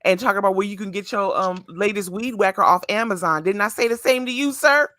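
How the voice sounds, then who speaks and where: A woman's voice: medium pitch, fast talker, pushed and bright, dry recording. A woman hosting a morning talk show, teasing a caller and egging him on.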